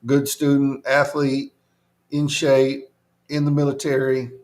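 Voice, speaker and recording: A man's voice: medium pitch, monotone, slow, a little mellow. A man hosting an interview, supportive and affirming in casual talk. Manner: supportive, lots of murmured agreement. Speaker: podcast host.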